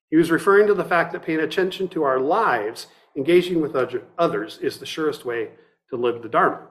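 During a dharma talk, a middle-aged meditation teacher reflects in a measured manner, reads partly from a book, and restarts often. He speaks a little high and expressively.

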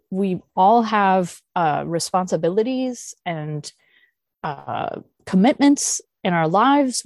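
A woman leading a meditation group discussion, thinking aloud with soft sighs and laughs. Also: medium pitch, no room sound. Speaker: Zen teacher leading a discussion. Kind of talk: unscripted dharma talk and Q&A.

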